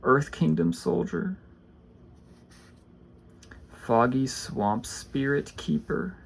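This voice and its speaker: A man casually opening trading card packs, reading card names aloud and chatting about them in a rambling, low-key way. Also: very slow, gravelly, a little hiss or hum. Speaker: card pack opener. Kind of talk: casual pack-opening commentary.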